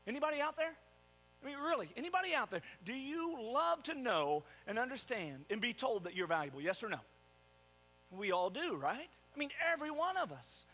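A man's voice: very high voice, sharp tone, low-quality recording. A man preaching a sermon as pastor, putting questions to the congregation and repeating phrases for emphasis. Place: church sanctuary.

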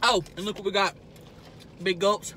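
A woman's voice: medium pitch, steady tone, moderate pace, fairly bright tone, slight background noise, natural voice. A woman playing a brash, crude trailer-park woman who talks while eating noisily in a car. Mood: boastful. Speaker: mukbang vlogger character. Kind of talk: improvised character comedy. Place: inside a car.

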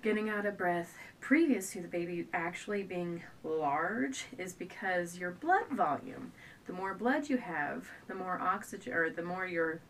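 A woman's voice: lively intonation, a little slow, fairly bright tone. A young pregnant woman chatting casually to her camera at home, rambling and restarting her sentences, often a bit out of breath. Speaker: stay-at-home mom vlogger. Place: at home indoors. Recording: a bit distant from the camera, faint low rumble.

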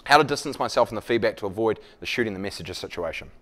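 A leadership speaker with a lowish, fairly bright voice talks in rapid-fire bursts full of animation. In the live workshop, he chats with the room, teases himself and acts out illustrative dialogues.

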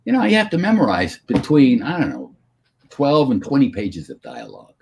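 An older man telling stories from his acting career as a guest in a video-call Q&A, in an animated, anecdotal way. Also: mid-range voice, normal speed, gravelly, slight background noise. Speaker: guest actor.

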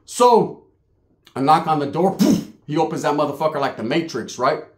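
In an echoey room, a man whose voice sits on the high side tells a funny, cuss-filled story at a moderate pace. He's very animated and streetwise, performing each character's voice.

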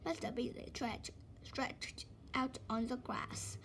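A woman reading a children's book aloud in a lively, expressive way. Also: sits high, slow pace, a little hiss or hum. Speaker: storybook reader.

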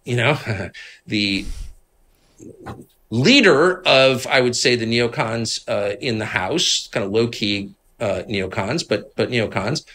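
A middle-aged man from Washington, D.C., a guest telling stories in a candid conversation, moving between low asides and emphatic outbursts. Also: takes it slowly, a bit bright.

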